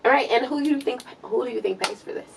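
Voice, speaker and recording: A woman co-hosting a podcast, talking in a heated, animated way, swearing often and pushing her voice high when she gets exasperated. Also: fast, gravelly, distant mic, a little hiss or hum. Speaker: podcast co-host. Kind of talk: heated casual debate chat.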